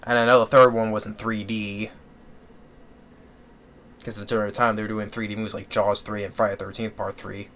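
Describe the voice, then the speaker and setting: A man's voice: on the low side, little pitch movement, a little fast, pauses often, fairly bright tone. A man giving a casual spoken movie review, rambling with many fillers and restarts.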